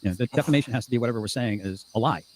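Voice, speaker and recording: A man hosting a casual livestream, reading viewer comments aloud in a fast, profane and combative way. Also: medium pitch, slight background noise. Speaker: livestream host.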